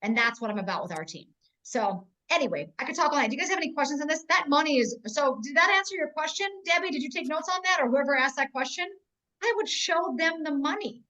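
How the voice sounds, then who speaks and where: A woman's voice: high-pitched, animated, fast, bright, forceful tone. A woman in her forties giving a blunt, emphatic tough-love business training over a video call. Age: 40s. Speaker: network marketing trainer. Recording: dull, muffled video-call audio.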